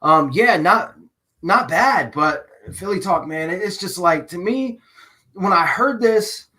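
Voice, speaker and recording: A man's voice: high-pitched, animated, takes it slowly, sharp tone. Exasperated man ranting. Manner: rambling, with frequent restarts and fillers; emotional and exasperated. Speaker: channel host. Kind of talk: live-stream sports rant.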